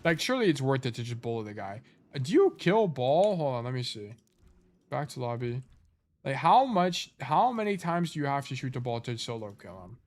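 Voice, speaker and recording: A man's voice: medium pitch, big pitch swings, a little fast, a little mellow. A man giving casual live-stream coaching on a game replay, thinking aloud in a laid-back, slightly sleepy way and often trailing off to correct himself.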